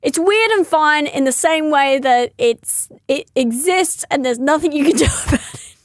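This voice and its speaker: A woman's voice: sits high, normal speed, no echo, studio quality. A young woman comedian rambling through a casual comic monologue, giggling often and correcting herself mid-sentence.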